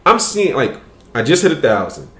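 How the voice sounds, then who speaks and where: Animated man telling a story. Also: medium pitch, normal speed, roomy sound. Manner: animated, profane, laughing storyteller. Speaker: podcast host. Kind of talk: casual chat, storytelling.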